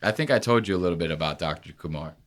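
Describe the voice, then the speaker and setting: A male podcast host chats casually in a crude, joking, rambling way. His voice is low-pitched and racing.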